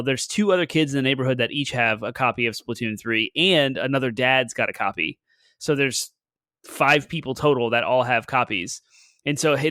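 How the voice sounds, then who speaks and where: A man's voice: medium pitch, bright, forceful tone, no echo. A man in his thirties, a podcast co-host, telling a rambling story in casual chat, full of fillers.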